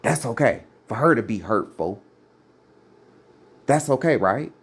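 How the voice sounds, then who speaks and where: A man's voice: medium pitch, lively intonation, unhurried, husky. A man giving fiery, blunt commentary on preachers, scornful and mocking. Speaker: religious commentator.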